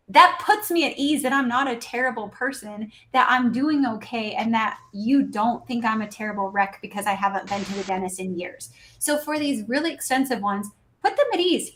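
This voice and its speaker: A woman's voice: fairly high pitch, moderate pace, few pauses, a bit bright. A woman giving practical coaching advice in a podcast conversation, talking animatedly and acting out bits of dialogue between patients and staff. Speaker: dental practice consultant, podcast guest.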